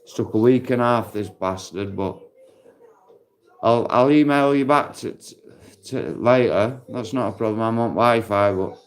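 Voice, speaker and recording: Sweary bloke streaming live. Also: male voice, mid-range voice, moderate pace. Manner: blunt, sweary, matey. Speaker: livestream host. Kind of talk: casual live-stream chat with viewers. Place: outdoors in a park. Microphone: phone.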